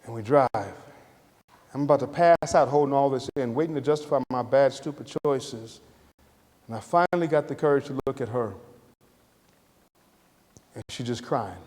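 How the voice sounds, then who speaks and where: A middle-aged man from Atlanta, giving a lively, conversational storytelling lecture. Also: medium pitch, moderate pace, long pauses. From Atlanta, Georgia. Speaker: guest lecturer. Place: lecture hall. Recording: reverberant lecture hall.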